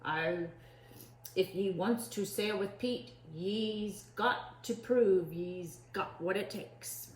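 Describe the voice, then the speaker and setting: A woman's voice: medium pitch, slow, echoey room, lightly acted. A woman voicing an impatient, bossy male pirate captain who bellows in pirate slang. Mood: gruff.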